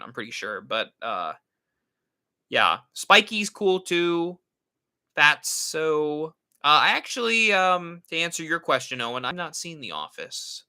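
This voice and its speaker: A man's voice: fairly high pitch, sharp tone. A man hosting a casual live stream, rambling and answering viewer comments. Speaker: horror channel host.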